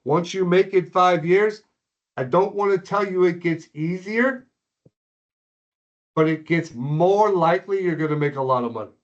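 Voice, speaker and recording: A man's voice: high-pitched, a little slow, highs cut off. A man hosting a sales coaching session for lenders, introducing a guest coach in an encouraging, conversational way.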